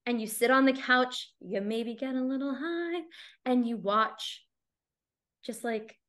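A woman's voice: fairly high pitch, a little slow, fairly bright tone. A woman hosting a podcast, talking candidly in a casual chat and leaning on "like" a lot. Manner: chatty, candid, heavy use of "like". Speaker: podcast host.

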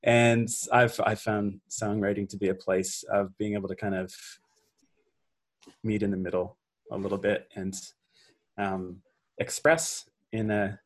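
A man, a songwriter, reflecting in an interview in a halting, soft-spoken way from his home garage. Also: fairly low pitch, little pitch movement. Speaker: songwriter guest.

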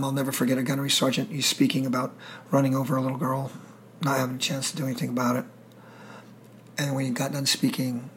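A man's voice: medium pitch, fairly bright tone, a little hiss or hum. A middle-aged man telling war stories in an interview, intense, emotional and profane. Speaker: guest, military veteran. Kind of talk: storytelling interview.

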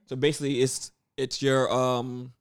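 A man co-hosts a casual podcast in an easy, laid-back way, giving shout-outs and dropping fillers as he talks. His voice sits at an ordinary middle pitch. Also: level tone, moderate pace, clean tone. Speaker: podcast co-host. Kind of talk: casual chat.

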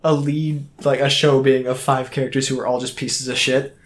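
A man's voice: medium pitch, flat delivery, normal speed. A young man in an easygoing podcast chat. He swears often and leans on fillers as he rambles through stories. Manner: loose, swearing, filler-heavy. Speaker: podcast co-host. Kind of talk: casual chat.

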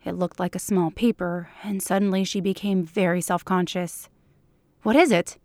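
A woman reading fan fiction aloud for a podcast in a measured, unhurried way. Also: lowish voice, level tone, darkish tone, no room sound. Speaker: podcast reader.

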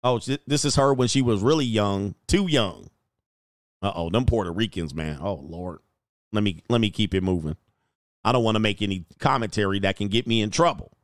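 A man's voice: on the low side, fairly quick, no room sound, clean studio sound. A man hosting a casual livestream, reading out chat comments and joking in a loose, slangy way. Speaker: dating coach and channel host.

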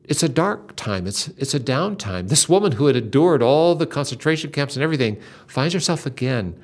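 A man's voice: medium pitch, sing-song, fairly quick. An older man hosting a Christian talk, earnestly retelling a story with dramatic emphasis. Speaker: Christian podcast host.

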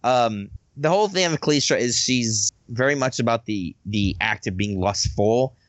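A man in easygoing conversation about his role-playing characters, mid-pitched and often laughing as he trails off. The sound is dry and close, with no room around it. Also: animated, moderate pace, no echo. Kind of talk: casual chat about tabletop games.

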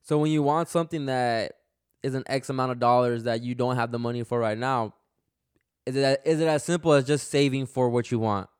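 A man's voice: medium pitch, fairly quick, a little mellow, clean tone, no room sound, studio quality. A man in his twenties hosting a podcast, laid-back and agreeable, talking in slangy casual chat. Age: 20s. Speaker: podcast host.

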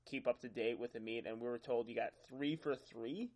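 Regular guy co-hosting, quick reactions, follow-up questions, mid voice. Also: medium pitch, steady tone, darkish tone. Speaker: podcast co-host. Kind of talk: casual chat.

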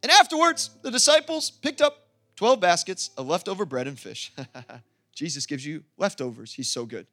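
A man preaching a lively sermon as pastor, laughing often and acting out quoted voices. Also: sits high, moderate pace, faint music behind. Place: church.

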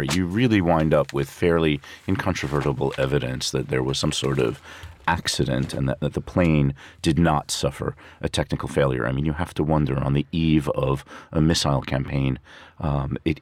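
Man with a very deep voice, measured. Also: no room sound. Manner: fluent, measured, dry wit. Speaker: co-presenter. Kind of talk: radio panel discussion. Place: radio studio. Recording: dry studio sound.

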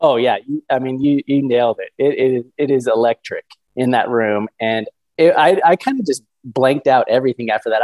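A man in his thirties telling a story as a podcast guest, eager and animated. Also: medium pitch, normal speed, hardly any pauses, dry recording, low-quality recording. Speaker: guest hunter.

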